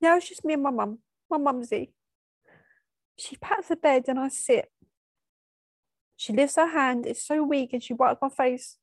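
A woman's voice: sits high, no echo. Tearful woman, dry close voice. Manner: halting, emotional storytelling with restarts. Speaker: storyteller. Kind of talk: personal spoken memoir.

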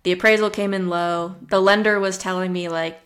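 A woman's voice: mid-range voice, fairly even intonation, normal speed, hardly any pauses, a bit bright. A woman guest on a podcast, telling her story in a chatty way with frequent fillers and restarts. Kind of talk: conversational interview storytelling.

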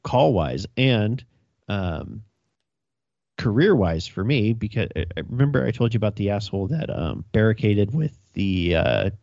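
Brief: young male cop, low voice, swears and laughs through stories, dull dry recording. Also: animated, moderate pace, creaky, darkish tone, no echo. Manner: profane, laughing storyteller. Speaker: police officer. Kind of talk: casual storytelling chat.

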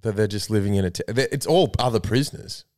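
This young Australian podcast co-host has a fairly low, darkish voice and talks fast. He rambles through stories in casual chat, swearing a lot and laughing often.

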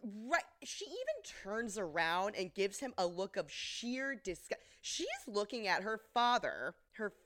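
A woman's voice: medium pitch, unhurried, few pauses. A woman co-hosting a podcast, recapping a TV episode in casual chat with sarcastic, swearing asides. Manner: animated and sarcastic, swears, laughs often. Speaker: podcast co-host.

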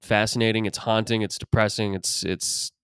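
A man's voice: lowish voice, little pitch movement, normal speed, a bit bright, clean tone, no room sound. A man from Canada hosting a podcast, chatting casually and teasing his guest. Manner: dry, teasing. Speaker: podcast host. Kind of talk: casual chat.

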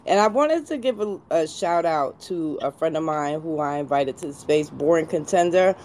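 A woman's voice: low-pitched, animated, moderate pace, a little mellow, slight background noise. A woman speaking as a guest in an online audio room, effusive with her greetings.

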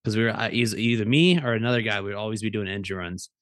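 A man's voice: fairly low pitch, fast talker, a bit bright, no room sound, studio quality. A man in a casual podcast chat, laid-back and laughing often as he tells stories, swearing casually.

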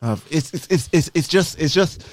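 A man, co-hosting a podcast in a casual, animated and playful way. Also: on the high side, moderate pace. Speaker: podcast co-host. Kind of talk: casual chat.

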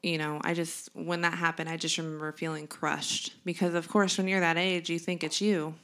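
Low-voiced woman telling her story. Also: flat delivery, normal speed, fairly bright tone. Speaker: podcast co-host. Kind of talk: candid personal storytelling.

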